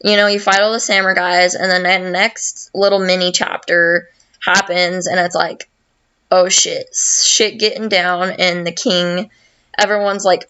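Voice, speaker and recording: A woman's voice: mid-range voice, steady tone, sharp tone, clean tone, highs cut off. A young woman hosting a podcast, retelling a story casually in a rambling way, with a lot of swearing and fillers. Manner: slow and rambling, heavy swearing, many fillers. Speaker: podcast host.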